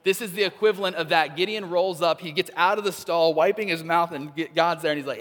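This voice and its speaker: A young adult man preaching a sermon as a pastor, animated and acting out the characters he describes in quick voiced asides. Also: a little high. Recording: long hall reverb.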